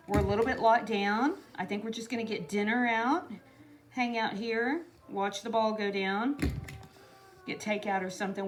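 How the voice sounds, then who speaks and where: A woman's voice: medium pitch, slight background noise. A woman chatting casually and rambling through a home DIY tutorial, full of asides to her viewers. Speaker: craft vlogger. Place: home kitchen.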